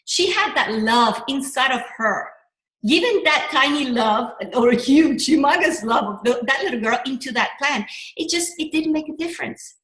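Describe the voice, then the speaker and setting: Middle-aged female coach, higher voice, rambling and animated, echoey room. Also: moderate pace. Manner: animated, rambling, with restarts and self-corrections. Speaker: business coach. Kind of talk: motivational workshop talk.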